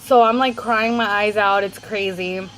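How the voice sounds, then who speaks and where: A woman's voice: mid-range voice, steady tone, measured pace, a bit bright, poor audio. A young adult woman vlogger rambling through a casual storytime in a chatty way.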